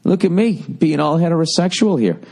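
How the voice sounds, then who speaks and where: A man's voice: fairly high pitch, animated, moderate pace, gravelly, a little mellow. A man hosting a comedy podcast, ranting casually and profanely while reading listener letters. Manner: profane, rambling, sarcastic. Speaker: podcast host.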